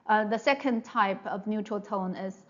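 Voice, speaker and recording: A woman's voice: medium pitch, normal speed, muffled recording. A woman teaching a Mandarin pronunciation lesson, patient and repetitive, often checking in with "all right?" and drawing out sounds to demonstrate them. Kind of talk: slow online pronunciation lesson.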